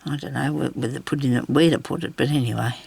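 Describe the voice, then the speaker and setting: A woman's voice: a bass voice, fairly even intonation, fast talker, gravelly, a little mellow, slightly rough, no room sound. A woman with an Australian accent giving a casual craft tutorial at her craft table. She rambles and mutters to herself while she works. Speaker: craft video host.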